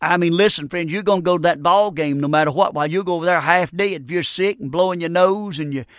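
Folksy high-pitched preacher. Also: male voice, fast, a bit bright, dry recording, clean studio sound. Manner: folksy, emphatic, calls out "Amen" and "friend". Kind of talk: revival sermon.

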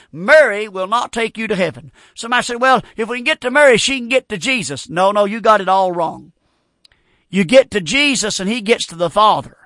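A preacher delivers a fiery radio sermon, hammering home repeated phrases. His voice sits high and sounds bright and ringing. The sound is close and dry, with no room around it. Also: dry recording. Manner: preaching with rising emphasis and repetitions.

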